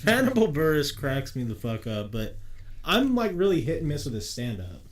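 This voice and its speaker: A man's voice: on the high side, huge pitch swings, normal speed. A man co-hosting a podcast, talking in a loose, crude way and laughing often. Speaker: podcast co-host. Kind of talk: casual chat.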